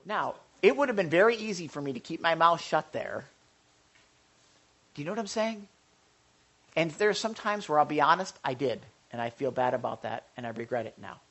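A man's voice: fairly high pitch, animated, brisk, a bit bright. A male pastor giving a conversational sermon, with joking asides to the congregation and frequent stammered restarts.

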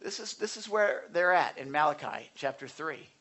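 A man's voice: on the high side, lively intonation, normal speed, sharp tone. A man preaching a sermon in an earnest, conversational way, asking the congregation questions and building to emphatic bursts. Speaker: pastor.

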